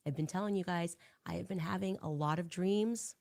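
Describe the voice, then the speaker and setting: A woman's voice: on the low side, brisk, creaky, a little mellow. A woman speaking solemnly and ominously in a talk show monologue.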